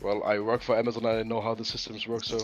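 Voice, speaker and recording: A man's voice: lowish voice, completely flat delivery, quick pace, faint music behind. A man in a casual chat who laughs often and stumbles over his words. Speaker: guest on a hobby stream. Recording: slightly dull sound.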